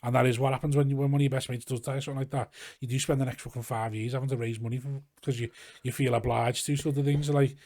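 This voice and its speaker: A young Scouse man, a comedian, chatting casually in a podcast, rambling and animated as he tells stories and swears freely. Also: mid-range voice, fast, hardly any pauses, no room sound, clean studio sound. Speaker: comedian guest. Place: garage.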